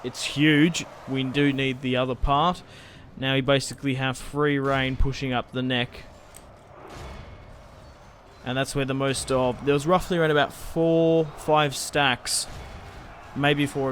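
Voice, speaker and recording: A man's voice: mid-range voice, slight background noise. A man giving casual, thinking-aloud commentary on a strategy game he is playing, and swearing when things go wrong. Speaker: gaming channel host.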